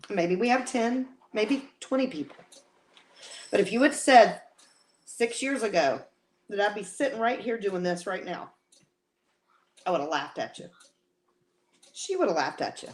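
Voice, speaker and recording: A woman co-hosting a casual live-stream chat from home, talking in an emotional, rambling way with many restarts. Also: mid-range voice. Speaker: co-host.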